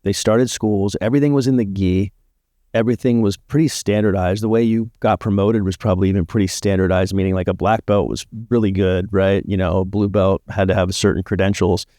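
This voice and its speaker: Relaxed man telling stories, warm tone. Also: deep voice, brisk, no echo, clean studio sound. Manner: relaxed storyteller with frequent "like" fillers. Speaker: podcast guest. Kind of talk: casual storytelling chat.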